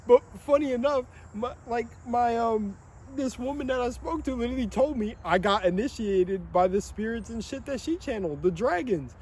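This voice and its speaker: A young man rambling in a monologue, excitable and swearing often, laughing between phrases. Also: extremely high pitch, moderate pace, a little hiss or hum. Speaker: vlogger.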